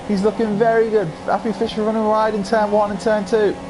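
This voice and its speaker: A man with a croaky, high-sitting voice calls an online racing league live, his excitable commentary moving briskly and rising to yells whenever incidents happen.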